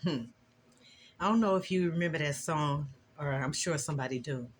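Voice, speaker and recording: An older woman and grandmother sharing an earnest, emotional Christian testimony in a casual vlog, with a preachy, expressive delivery. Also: moderate pace, a little hiss or hum. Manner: earnest, preachy and emotional, with lively swings in pitch. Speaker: vlogger.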